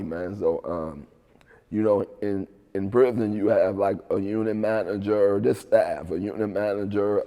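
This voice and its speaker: A man guest in an interview, telling his story in a relaxed, casual way, often tagging "right?" and "man". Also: lowish voice, in a large hall. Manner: laid-back, repeats "right?" and "man".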